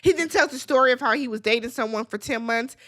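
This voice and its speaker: A woman's voice: on the high side, fast, a bit bright. A woman in her thirties giving a casual, sassy recap of a reality show and acting out quotes in exaggerated voices.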